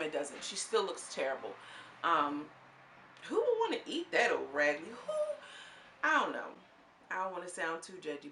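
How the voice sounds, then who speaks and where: Bright-voiced chatty woman recapping gossip. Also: on the low side, a little hiss or hum. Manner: chatty, laughing, animated storytelling. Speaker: show reviewer. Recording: echoey room.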